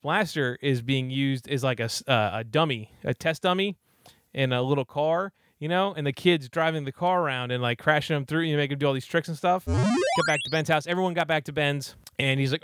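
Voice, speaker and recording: A young man with a somewhat high voice tells a movie plot in a loose, rambling comic style. He fills his talk with "you know" and slips into quick silly voices for the characters. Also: background noise. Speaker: podcast host recapping a movie. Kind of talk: casual comedic movie recap.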